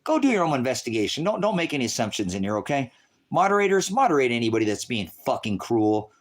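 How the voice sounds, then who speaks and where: An angry, distraught man ranting profanely on a livestream, at times shouting. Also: mid-range voice, very animated, quick pace.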